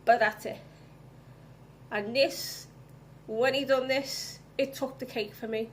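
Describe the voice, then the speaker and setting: A woman's voice: on the high side, fairly even intonation, slow, slight background noise. A woman vlogging, ranting angrily with heavy swearing. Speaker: vlogger reviewing films. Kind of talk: casual ranting vlog.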